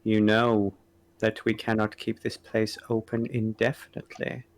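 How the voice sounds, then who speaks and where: A man voicing three blank, emotionless collectors who speak in a flat monotone. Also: on the low side, moderate pace, natural voice. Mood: cold, flat.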